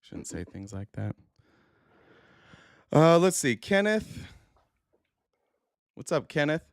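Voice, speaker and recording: A man's voice: fairly high pitch, very animated, slow, gravelly, no room sound, studio quality. A man hosting a live stream, chatting casually in a blunt, joking way and swearing now and then.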